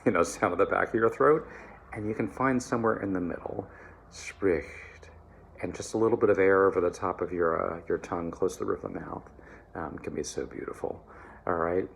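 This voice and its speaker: A man teaching German pronunciation to singers, relaxed and encouraging, often checking in with "all right?" and slowly modeling words. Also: low-pitched, vocal fry, a little hiss or hum. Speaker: choir diction coach. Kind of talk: German diction lesson for singers.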